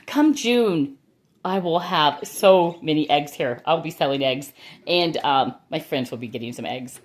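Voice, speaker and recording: Touring her plants at home, a middle-aged orchid grower talks in a low-sitting, animated voice, a little on the slow side. Her chat is casual and full of enthusiasm.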